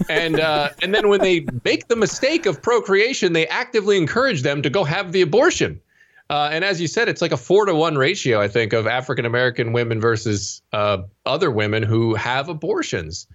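A man's voice: fairly high pitch, a bit bright. A man appearing as a guest on a political talk podcast, speaking animatedly and acting out quoted voices. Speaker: guest, managing editor. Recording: slightly dull remote audio.

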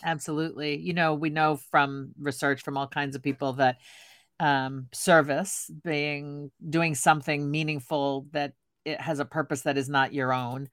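Woman, interview guest, former educator, measured reflective answers, dry sound. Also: low voice, fairly even intonation, no echo. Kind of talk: podcast interview.

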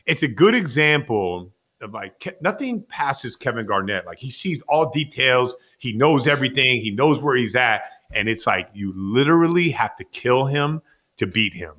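Bright-voiced man telling a wild story. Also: medium pitch, normal speed. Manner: lively anecdote-telling with heavy "like" fillers and acted-out quotes. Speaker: podcast guest, former player. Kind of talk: animated storytelling.

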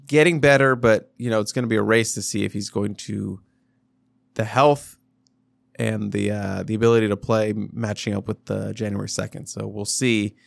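A man's voice: lowish voice, fairly even intonation, normal speed, vocal fry, dry recording. A man co-hosting a podcast, rambling loosely through a casual sports chat with lots of fillers and restarts. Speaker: podcast co-host.

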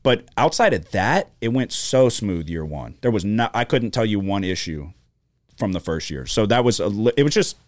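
A low-pitched man, talking fast and loose on a podcast. He swears constantly and tells stories with sharp jumps in pitch when he's heated. The studio sound is dry and close. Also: dry recording. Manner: animated storytelling, heavy swearing, pitch jumps when worked up. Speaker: podcast co-host. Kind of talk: casual profane chat.

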